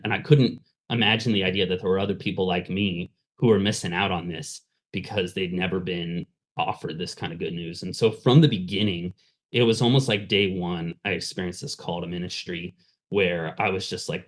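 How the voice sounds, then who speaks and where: A man, a pastor, candidly telling his life story in a casual interview, with many fillers. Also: low voice. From Southern California. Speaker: pastor and fundraising consultant, guest.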